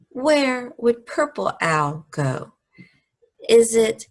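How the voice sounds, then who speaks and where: A woman teaching a children's music lesson, gently asking questions and singing short phrases and rhythm syllables. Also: a little high, very animated, slow.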